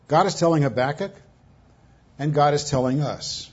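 A man's voice: on the high side, normal speed, long pauses, husky, dull audio. A man preaching a sermon, reading scripture aloud with emphatic stresses. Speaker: pastor.

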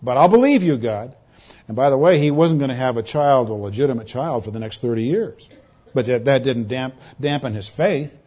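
A man's voice: medium pitch, fairly quick, darkish tone, lo-fi sound. A man preaching an expository sermon in earnest, repeating words and phrases for emphasis.

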